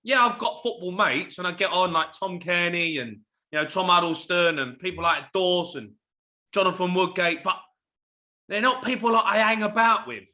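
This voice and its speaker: Brief: ex-pro man, very bright and high voice, blunt banter. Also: moderate pace. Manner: blunt, swearing, laddish banter. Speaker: former footballer, podcast guest. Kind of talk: casual chat.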